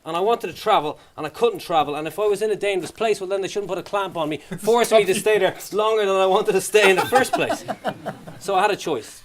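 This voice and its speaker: A young man doing stand-up, telling a story and acting out the voices in it. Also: high-pitched. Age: young adult. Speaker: stand-up comedian. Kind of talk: stand-up comedy to a young audience. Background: audience laughter.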